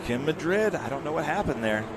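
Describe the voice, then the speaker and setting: A man's voice: a little high, brisk. Brief: male live race commentator, conversational, over noisy track sound. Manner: chatty, reads out viewer greetings. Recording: steady noise in background.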